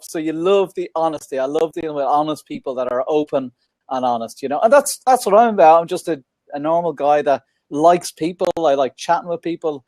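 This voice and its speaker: A man's voice: a little high, a little fast, a little mellow, dry recording. An Irish man chatting casually as a guest on a video call, laughing easily. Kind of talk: casual chat.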